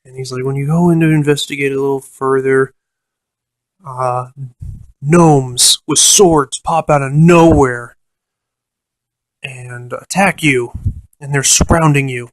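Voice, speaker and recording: A man's voice: mid-range voice, fairly even intonation, takes it slowly, pauses often, dry recording. A man casually telling a rambling, profane story about a tabletop game, full of fillers and restarts, and mimicking the game master. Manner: quotes the game master in a mocking voice. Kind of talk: casual anecdote.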